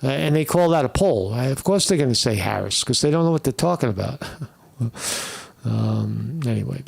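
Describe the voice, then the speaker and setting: Gravelly, scornful man ranting. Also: mid-range voice, lively intonation, moderate pace. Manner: blunt, scornful, swears often. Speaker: political commentary host. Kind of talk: opinionated commentary over clips.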